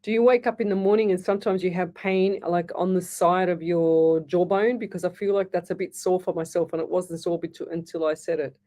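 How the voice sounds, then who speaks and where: A woman with an Australian accent hosting a live psychic call-in radio show, chatty and quick to laugh. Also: on the low side, fairly even intonation, dark tone. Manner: chatty, laughs easily, reads messages aloud. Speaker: psychic medium radio host. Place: radio studio.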